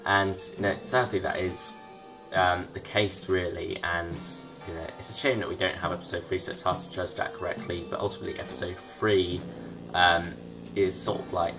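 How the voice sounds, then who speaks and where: A young man talks through a review in a loose, rambling way, full of ums and "you know"s. His voice sits very low, and clear music plays behind him. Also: fairly even intonation, normal speed. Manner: rambling, many fillers and hedges. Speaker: show reviewer. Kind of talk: casual spoken review.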